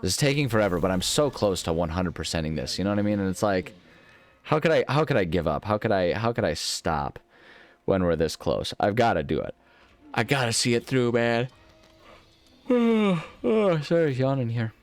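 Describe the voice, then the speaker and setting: A man with a somewhat low voice gives casual commentary while he plays a game. He rambles and mocks himself, and drifts into little nonsense tunes between thoughts. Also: big pitch swings, normal speed. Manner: rambling, self-mocking, sings nonsense syllables. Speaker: gaming channel host.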